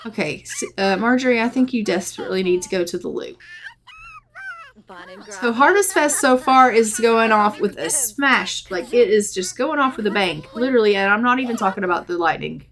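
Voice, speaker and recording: Brief: woman gameplay narrator, slightly high voice, chatty and giggly, voices her characters in asides. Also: animated, normal speed, fairly bright tone. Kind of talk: casual let's-play commentary.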